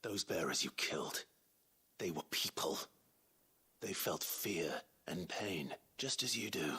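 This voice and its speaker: A stern warrior in a game cutscene, speaking in short, hard lines. His voice is very deep and heavily raspy. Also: animated, takes it slowly, sharp tone, heavily acted. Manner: low, terse and stern. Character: gruff, stern grown warrior. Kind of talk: video game cutscene acting.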